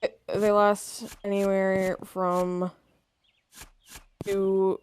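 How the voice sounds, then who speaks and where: A woman's voice: medium pitch, flat delivery, very slow, a little mellow, a little hiss or hum. A woman with the hiccups chatting casually with a streamer friend. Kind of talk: casual chat.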